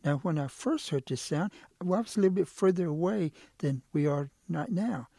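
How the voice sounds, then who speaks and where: A man voicing an eager, curious male quail in a told folk tale, pleading and excited in a raised voice. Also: a little high, normal speed, vocal fry, dry recording, studio quality. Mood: wheedling.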